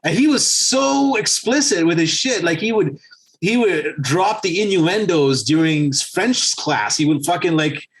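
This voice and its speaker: A man co-hosting a podcast who tells stories in an animated, profane way during casual chat. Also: a little high, measured pace, husky. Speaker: podcast co-host.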